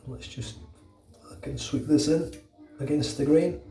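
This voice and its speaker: This British man's voice is fairly high and warm, his delivery unhurried, as he vlogs casually about shaving his head in the bathroom at home. Chatty, rambling and sweary, he's got a bit of a cold. The echoey room, distant mic and slight background noise come through.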